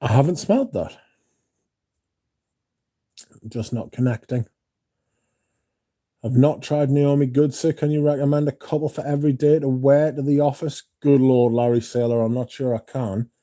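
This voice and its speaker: A man hosts a casual livestream in a mellow, mid-range voice, steady and at a moderate pace. He rambles through stories, reads viewer comments aloud to answer them, and swears now and then.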